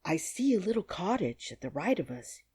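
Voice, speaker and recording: A woman voicing a kindly, thoughtful male scarecrow in an audiobook, speaking slowly and deliberately. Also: lowish voice, sing-song, dark tone, slightly rough, no room sound, clean studio sound. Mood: helpful. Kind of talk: audiobook character reading.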